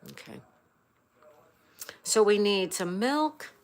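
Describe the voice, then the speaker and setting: A woman hosting a casual baking livestream, softly greeting viewers by name and talking through a recipe. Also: medium pitch, expressive, takes it slowly. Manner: soft, chatty, reads viewer names aloud. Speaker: livestream host. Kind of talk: casual live-stream chat while baking.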